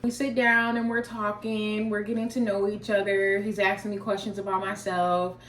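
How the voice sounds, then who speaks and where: A woman's voice: mid-range voice, little pitch movement, moderate pace, reverberant, far from the mic, a little hiss or hum. A woman vlogger telling a casual story while eating, in a chatty, slangy way.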